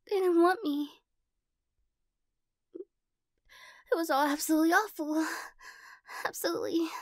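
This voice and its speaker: A woman's voice: high-pitched, vocal fry, dry recording, clean studio sound, full character voice. A woman playing a weird, giggly girl in whispered role-play.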